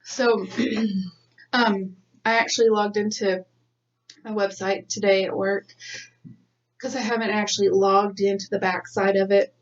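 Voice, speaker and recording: A woman's voice: mid-range voice, little pitch movement, a little slow, pauses often, distant mic. A chatty woman co-hosting a podcast, rambling through stories and laughing often. She sits back from the mic, and the sound is dull and lo-fi. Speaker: podcast co-host. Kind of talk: casual chat.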